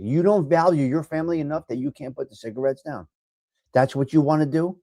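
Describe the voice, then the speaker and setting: Middle-aged man, New York accent, fairly high voice, dry close sound, blunt profane tough love. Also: fairly quick, no echo. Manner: swings from low mutters to loud lively outbursts. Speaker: livestream host reading chat. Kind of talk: casual live chat.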